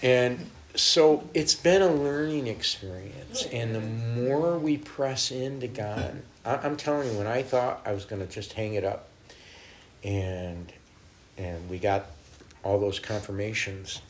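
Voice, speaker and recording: A middle-aged man, a traveling minister, telling lively stories in a conversation and acting out the people he quotes. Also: on the low side, a little slow. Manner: animated, laughing, acts out quoted voices. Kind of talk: storytelling in a conversation.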